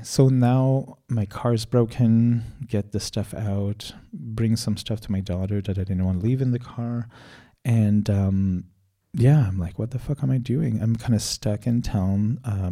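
A man's voice: fairly low pitch, dark tone. A man telling a long personal story in a loose, rambling way, swearing and laughing as he goes. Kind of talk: casual storytelling.

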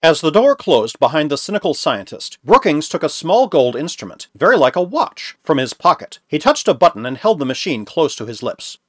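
A man narrating a novel in a steady storytelling manner. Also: fairly high pitch, brisk, few pauses, husky, dry recording, studio quality. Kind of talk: audiobook narration.

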